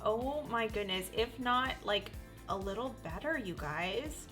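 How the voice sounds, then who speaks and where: A woman in her forties gushing through a casual makeup tutorial, talking straight to her viewers with frequent excited exclamations. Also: a little high, a little slow, soft background music. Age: 40s. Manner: gushing, animated, exclaims often. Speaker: beauty vlogger.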